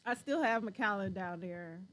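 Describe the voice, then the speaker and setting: A woman hosting a show, chatting casually in an animated way and laughing often. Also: mid-range voice, moderate pace. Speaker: show host. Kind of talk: casual chat.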